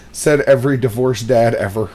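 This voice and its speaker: A young man casually chatting while playing a game, telling stories in an animated, profane way. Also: mid-range voice, husky. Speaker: gaming commentator. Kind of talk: casual gaming chat.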